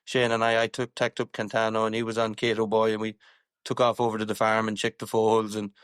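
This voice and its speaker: A man's voice: fairly low pitch, completely flat delivery, brisk, a bit bright, clear, resonant tone, no echo. Rambling Irish man in a dry close mic. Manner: rambling, many fillers and restarts. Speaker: show jumper guest. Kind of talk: casual podcast chat.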